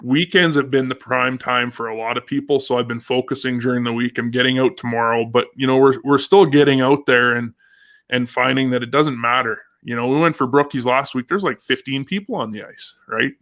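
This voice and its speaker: A man's voice: mid-range voice, steady tone, fairly quick, fairly bright tone. A man hosting a casual live fishing show, upbeat and chatty, reading out viewer comments. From Canada. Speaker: host.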